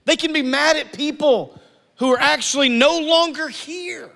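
A man's voice: extremely high pitch, moderate pace, vocal fry, a bit bright, in a large hall. A man preaching an earnest, conversational sermon with repeated phrases.

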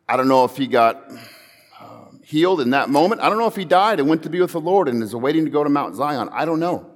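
A man's voice: mid-range voice, long reverb tail. A man preaching a sermon, telling a story earnestly and building to emphatic calls.

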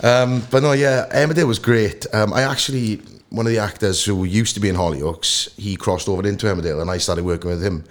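Deep-voiced Welsh man telling stories. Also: quick pace, hardly any pauses. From Wales. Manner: animated storyteller who acts out anecdotes. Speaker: actor guest. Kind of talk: casual podcast interview.

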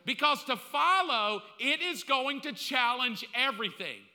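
A male pastor preaches bluntly and with great animation, his high, very bright voice swinging widely in pitch. He breaks into little acted-out exchanges. A long reverb carries his voice through a large sanctuary. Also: animated, measured pace. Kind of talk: sermon.

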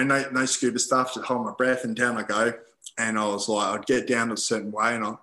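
Man, podcast guest, bright forceful tone, casual storytelling, rambling, swears a lot, acts out his own thoughts. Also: medium pitch, echoey room, rough recording. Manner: rambling, swears freely, many fillers like "you know".

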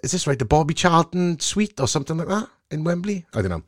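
A Welsh man telling a cheeky anecdote in a casual chat, animated and chatty. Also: on the high side, fast talker, no room sound, studio quality. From Wales.

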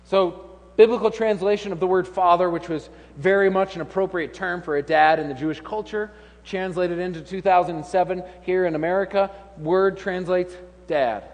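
A man's voice: sits high, moderate pace. A man in his thirties preaching a humorous, conversational sermon with laughing asides. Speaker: pastor. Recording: long hall reverb.

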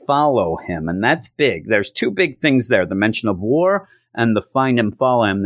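A man casually recapping a comic book issue, chatting loosely and acting out the characters in quick put-on voices. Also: on the low side, dry recording, studio quality.

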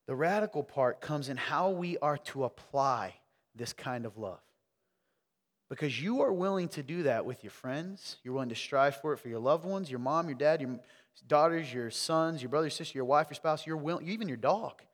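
A man from the South, preaching a sermon and quizzing his congregation, swinging between loud emphasis and hushed asides. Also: fairly high pitch, moderate pace, long reverb tail. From American South. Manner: energetic, questioning the crowd, wide swings from loud to hushed. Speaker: pastor. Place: church sanctuary.

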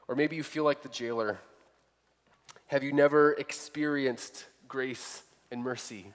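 Male pastor, slow and deliberate, earnest pleading sermon, long church reverb. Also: mid-range voice, steady tone. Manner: earnest, pleading questions to listeners. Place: church sanctuary.

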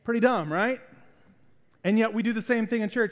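A man preaching a sermon as pastor, animated and acting out little voices to make a point. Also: sits high, moderate pace, long pauses, big-room sound.

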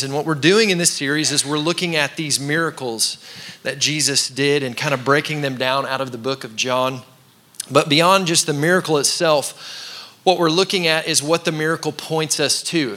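A man's voice: medium pitch, pushed and bright. A man in his thirties, a pastor giving a casual, conversational sermon in a church and calling on the congregation to repeat words back. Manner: conversational preaching with call-and-response. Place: church sanctuary.

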